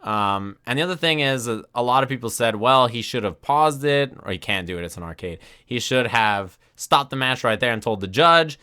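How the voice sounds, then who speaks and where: Guy streaming from his desk, bright forceful voice, telling a story all animated. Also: medium pitch, clean tone. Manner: animated, acts out crowd reactions with quick asides. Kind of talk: casual storytelling commentary.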